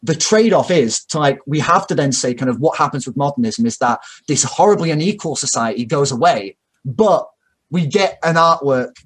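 Husky-voiced man rambling about art. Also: fairly high pitch, animated, moderate pace. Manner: rambling, opinionated, heavy fillers and swearing. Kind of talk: casual discussion.

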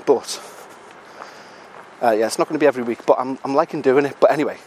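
A man's voice: mid-range voice, fast, darkish tone, a little hiss or hum. A British podcast host, a man, chatting casually and self-mockingly while out walking, a little out of breath, with the odd swear word. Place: outdoors on a city street.

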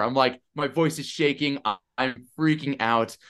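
A man in his thirties, a podcast guest telling a story in a chatty, animated way over a video call. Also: medium pitch, normal speed. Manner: animated, chatty, lots of "I'm like". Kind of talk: casual storytelling.

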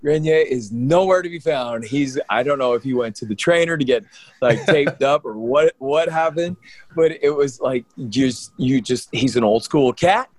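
A man, a pro wrestler and co-host, telling stories in an animated, rambling way with lots of restarts. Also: medium pitch, normal speed, no room sound. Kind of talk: casual storytelling on a podcast.

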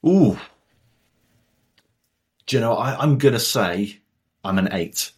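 A man from northern England, a podcast guest, talking in an animated, jokey way. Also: on the low side, slow, breathy edge. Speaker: guest, business author. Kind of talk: podcast interview.

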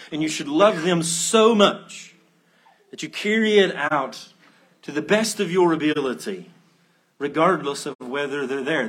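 With a breathy edge to his voice, a pastor works through an expository sermon in earnest. He builds to emphatic peaks before dropping low, and throws in asides and rhetorical questions.

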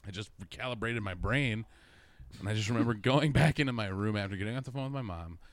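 A man's voice: on the low side, fast, no echo. A young man telling a rambling story in casual chat, swearing constantly and laughing through his own stories.

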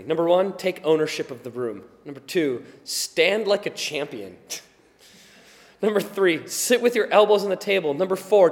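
A male preacher giving a conversational sermon, sometimes quiet and chatty, sometimes loud and emphatic, and he laughs often. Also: fairly high pitch, long reverb tail. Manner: animated, swings from quiet asides to loud emphatic shouts.

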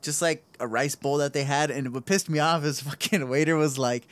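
A man's voice: on the high side, steady tone, brisk, hardly any pauses, dry recording. A young man co-hosting a podcast, chatting casually, laughing often and swearing. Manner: laughs often, profane, easily annoyed. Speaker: podcast co-host. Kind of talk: casual chat.

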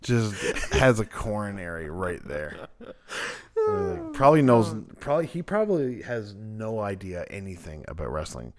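A man's voice: on the low side, wildly swooping pitch, moderate pace. A man co-hosting a podcast in loose, rambling casual chat, swearing freely. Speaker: podcast co-host.

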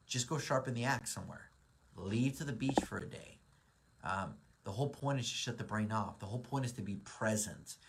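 A man in his forties, a real estate broker, giving a casual motivational talk with lots of ums and restarts. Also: lowish voice. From Southern California. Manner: rambling, many ums and restarts.

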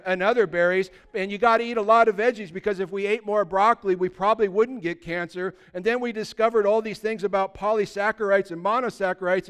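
A middle-aged man preaching a sermon as pastor, animated and humorous, rattling off quick lists between scripture readings. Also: high-pitched, clean tone. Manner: animated, humorous asides, rapid list-making.

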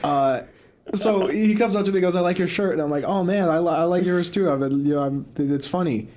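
A man's voice: a little high, brisk, a little mellow, a little hiss or hum. A young man co-hosting a podcast, telling a story in rambling casual chat full of fillers and restarts. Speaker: podcast co-host.

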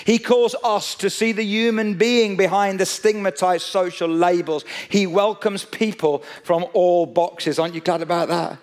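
A man preaching a sermon, telling a story with animated energy and speaking straight to his listeners. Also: high-pitched. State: out of breath.

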